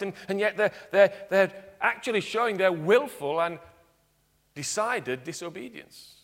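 A man preaching a sermon in church, earnest, dropping to quiet emphatic points. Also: on the high side. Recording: long hall reverb.

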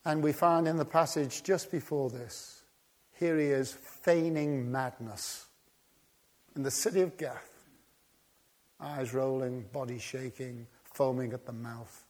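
A man preaching a sermon, dramatic, swinging from hushed tones to urgent, rising appeals. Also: mid-range voice, steady tone, unhurried.

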